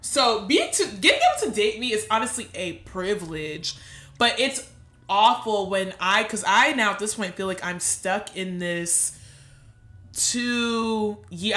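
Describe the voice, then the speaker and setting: A woman's voice: medium pitch, a bit bright, reverberant. A young adult woman co-hosting a podcast, talking candidly and emotionally, close to tears and swearing freely. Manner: emotional, swears freely, voice rising when upset. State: near tears. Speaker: podcast co-host. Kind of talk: candid casual chat.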